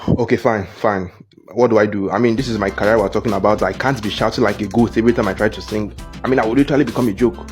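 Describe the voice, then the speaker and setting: A man tells a comedic cartoon story in the first person, his voice leaping up and down with lively energy. He plays every moment big and jokey. Faint music runs under his voice. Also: on the low side, fast talker. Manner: animated, exaggerated, jokey storytelling. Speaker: narrator voicing the lead character.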